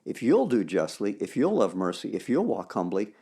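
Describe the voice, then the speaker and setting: Emphatic male podcast co-host with a lively, swooping delivery and a gravelly, mellow tone. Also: on the low side, normal speed. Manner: animated, emphatic, quotes scripture. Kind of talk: casual faith discussion.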